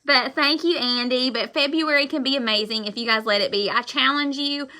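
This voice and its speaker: A woman giving a live-stream pep talk to her sales team, loud, emphatic and blunt but apologetic, rambling as she goes. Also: high voice, brisk. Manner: loud and fired up, talks emphatically. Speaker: direct-sales consultant.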